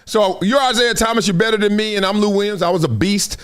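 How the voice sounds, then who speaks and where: A man's voice: high-pitched, fast, clear, resonant tone. A man hosting a live sports talk show, telling stories with lots of laughter and acting out the people he quotes. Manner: animated storytelling, acts out quoted voices; laughs often between remarks. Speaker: show host.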